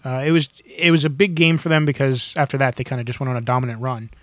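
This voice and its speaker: A man chatting on a podcast, excitable and quick to laugh, often restarting his sentences. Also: mid-range voice, no echo. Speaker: podcast co-host. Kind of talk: casual chat.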